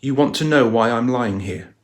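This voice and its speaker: A man's voice: mid-range voice, lively intonation, moderate pace, natural voice. A man reading the lines of a troubled man lying on a pavement, who pleads to be left alone and won't say why. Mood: pleading. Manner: pleading, withholding.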